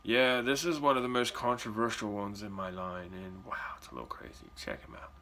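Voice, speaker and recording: A man in his forties talking casually in a response video, animated and chatty with drawn-out emphasis. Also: lowish voice. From Puerto Rican heritage. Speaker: vlogger. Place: indoors at home.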